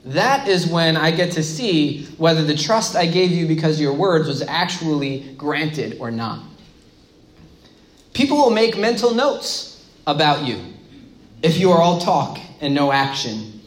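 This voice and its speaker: A man giving a conversational sermon as a pastor, speaking informally, repeating key phrases and asking the audience questions. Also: on the high side. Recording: echoey room.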